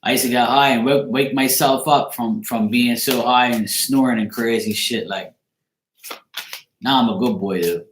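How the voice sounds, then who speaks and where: A man's voice: medium pitch, moderate pace, roomy sound, slight background noise. A man with a Bermudian accent, a tarot reader chatting casually on a live stream, greeting viewers by name and swearing freely.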